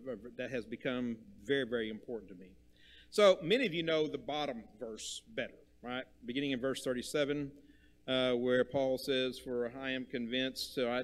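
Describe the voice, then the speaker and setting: A man preaching a sermon to a congregation. He stresses and repeats key words, swinging from loud emphasis to quiet, low lines.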